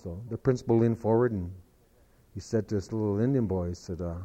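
A man's voice: fairly low pitch, brisk, dark tone. A man telling a long joke in a folksy, rambling way, full of "he said" asides. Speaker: storyteller.

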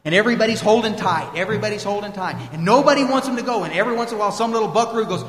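Earnest high-voiced man in echoey hall. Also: very fast, few pauses, a bit bright. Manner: earnest, repeats phrases for emphasis. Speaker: guest speaker at a recovery meeting. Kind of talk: heartfelt recovery talk. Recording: echoey hall, roomy long reverb.

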